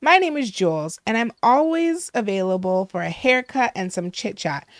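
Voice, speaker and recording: A woman's voice: mid-range voice, animated, normal speed, dry recording, studio quality, close to an everyday voice. A woman reading a game's friendly barber character aloud, gushing and chatty.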